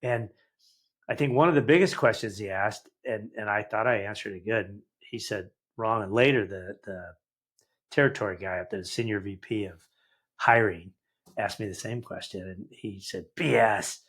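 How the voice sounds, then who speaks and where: A man in his sixties, a guest entrepreneur, tells life stories in a lively conversational way and acts out the dialogue. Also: on the low side, normal speed, breathy edge. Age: 60s. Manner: animated anecdotal, acts out quoted dialogue. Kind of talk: conversational storytelling.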